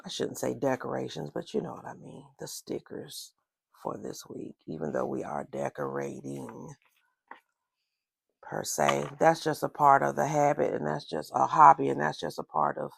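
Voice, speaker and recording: A woman's voice: low-pitched, gravelly, slightly rough, no room sound. A woman with a Southern US accent, chatting casually while decorating her journal in a plan-with-me vlog. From Southern United States. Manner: slow, relaxed, rambling with repeated "again". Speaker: journaling vlogger.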